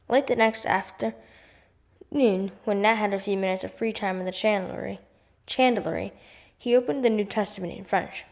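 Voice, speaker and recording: Woman reading a storybook aloud, steady and careful. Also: mid-range voice, moderate pace, gravelly. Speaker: audiobook reader. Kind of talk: read-aloud storybook narration.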